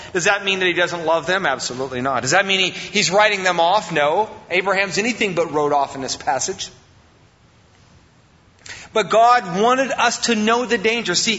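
A male pastor preaches a sermon in a high, sharp voice. He jumps up in pitch and acts out the excuses people make. The sound is a bit dull and carries a long hall reverb. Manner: preaching with sudden rises in pitch, acting out quoted excuses.

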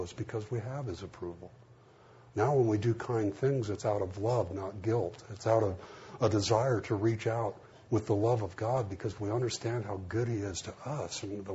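A man's voice: on the low side, mellow. A middle-aged man preaching a sermon in a folksy, conversational way, acting out the dialogue in his stories. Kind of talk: sermon with storytelling. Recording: dull lo-fi sound with faint hiss.

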